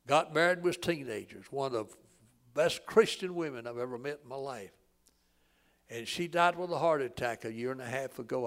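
A man, preaching a sermon in a folksy storytelling way that swells loud and drops to a hush. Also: mid-range voice. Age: 80s.

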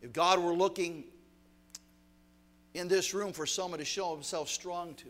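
Man, preacher, sermon, fairly high voice, emphatic, repeats phrases. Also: steady tone, measured pace, long pauses, a bit bright, a little hiss or hum.

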